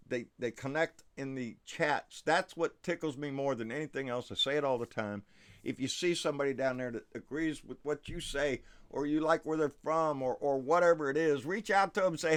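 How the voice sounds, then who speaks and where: A man hosting a casual livestream, talking excitably with frequent swearing and stumbling restarts. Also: on the high side, normal speed. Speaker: livestream host. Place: South Texas.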